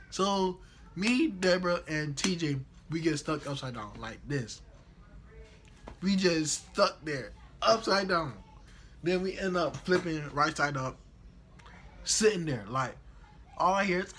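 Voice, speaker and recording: Animated young man telling a slangy story. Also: fairly high pitch, slow, long pauses, slight background noise. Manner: slangy, animated retelling with acted-out quotes. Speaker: vlogger. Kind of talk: casual storytelling.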